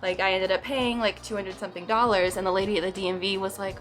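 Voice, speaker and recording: A woman's voice: mid-range voice, steady tone, quick pace, fairly bright tone. A young woman from the US West Coast vlogging casually to camera, telling stories with comic exaggeration and playful quoted voices. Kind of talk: casual vlog talk to camera. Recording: faint background music.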